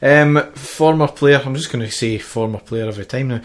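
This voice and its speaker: A man's voice: medium pitch, moderate pace. A man with a Scottish accent, co-hosting a football podcast, reading out news items with lots of ums and a joking tone. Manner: jokey, hesitant with many ums. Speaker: podcast co-host.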